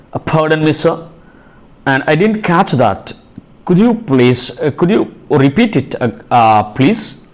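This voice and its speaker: Halting male teacher. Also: medium pitch. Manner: halting, many fillers and restarts, reads example sentences aloud. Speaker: English teacher. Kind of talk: classroom English lesson.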